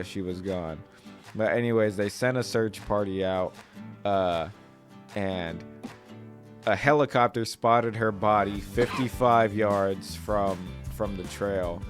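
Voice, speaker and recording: A low-voiced man hosting a comedy podcast, wandering through a story with plenty of "uh"s. Clear music plays steadily behind him. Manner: loose, rambling, many fillers. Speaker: podcast host.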